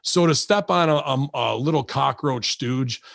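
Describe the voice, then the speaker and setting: A man's voice: medium pitch, unhurried, vocal fry, dry recording, clean studio sound. A man in his forties, a wrestling veteran guest on a casual podcast, swearing freely and acting out voices as he tells stories. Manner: profane, animated, acts out voices in stories.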